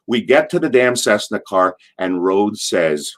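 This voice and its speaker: An older man and former wrestler, a guest in an interview, spinning long anecdotes with lively restarts and repeated words. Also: fairly low pitch, moderate pace. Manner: animated retelling with frequent restarts and repeated words. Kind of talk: anecdotal storytelling.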